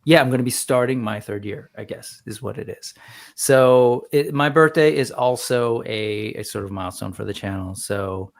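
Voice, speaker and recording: A man in his forties hosts a relaxed livestream, his voice carrying a gravelly edge. He chats easily and keeps breaking off to greet viewers and read their comments aloud. His pitch sits in an ordinary middle range. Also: moderate pace. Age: 40s. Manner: chatty, reads out and greets viewers from the live chat. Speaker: host. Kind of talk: casual livestream chat.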